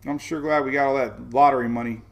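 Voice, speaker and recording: A man's voice: mid-range voice, steady tone, fast talker, creaky. A man hosting a casual live weather show, chatting and rambling as he walks through radar maps and reads viewer comments. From Florida, United States. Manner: rambling, chatty, vents then jokes.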